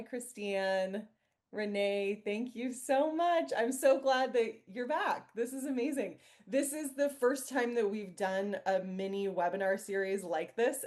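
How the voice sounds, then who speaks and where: A young woman presents a self-care webinar in a friendly, upbeat and chatty way, as host and project coordinator. She greets her viewers warmly and then calmly leads them through a simple exercise for the body. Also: mid-range voice.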